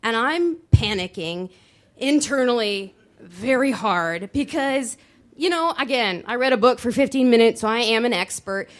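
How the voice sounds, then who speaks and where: A woman telling a personal story on stage at a live show, animated, with dramatic pauses and voice shifts. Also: a little high. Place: dance studio venue, live show.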